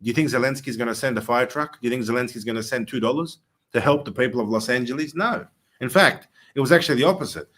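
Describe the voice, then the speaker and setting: A man hosting a political chat show, talking earnestly with frequent pauses. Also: medium pitch, fairly bright tone. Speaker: host.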